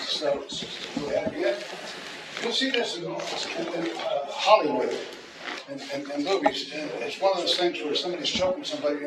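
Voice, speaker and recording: Joking man instructor in an echoey hall. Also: on the high side. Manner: joking, repeats words, talks through demonstrations. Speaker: self-defense instructor. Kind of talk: teaching a martial arts seminar. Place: large echoey training hall. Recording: echoey hall from far off with loud room noise.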